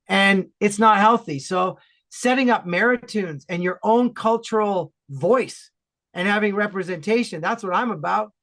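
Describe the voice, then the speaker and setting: A man from Ontario with an Ontario Canadian accent, a regular on the podcast, chatting casually in energetic, emphatic bursts. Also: sits high.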